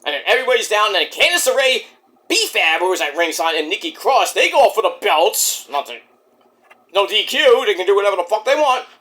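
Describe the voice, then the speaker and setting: A man reviewing a wrestling show in a casual vlog, excitable and profane, with sudden yelled exclamations. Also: sits high, a little fast.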